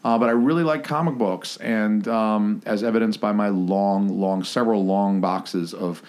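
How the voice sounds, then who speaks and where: A man's voice: lowish voice, normal speed, darkish tone. A man hosting a podcast in casual chat, crude and joking, rambling with fillers. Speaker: podcast host.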